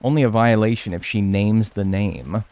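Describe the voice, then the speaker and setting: A man's voice: lowish voice, normal speed, a little mellow, soft background music. A young man with a Pittsburgh accent, chatting casually and telling rambling jokey stories while streaming a game. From Pittsburgh area, US. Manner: rambling, jokey storytelling with silly put-on voices.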